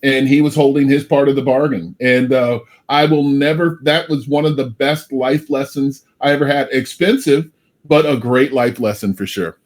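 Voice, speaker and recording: A man in casual group talk, telling a personal story with lively, acted-out quotes. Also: medium pitch, normal speed. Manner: animated storytelling, acts out his own angry quotes. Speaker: sales coach.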